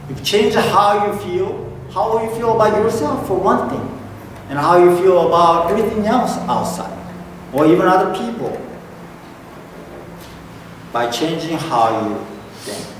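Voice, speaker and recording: A middle-aged Korean-accented man preaches slowly and deliberately, pausing to ask "okay?" after each point. His voice is caught from a distance in a big, echoing hall, with a long reverb tail and steady room noise under it. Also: high-pitched. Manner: repeats key points and checks in with "okay?". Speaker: pastor. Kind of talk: sermon. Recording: echoey hall from far off, noisy room.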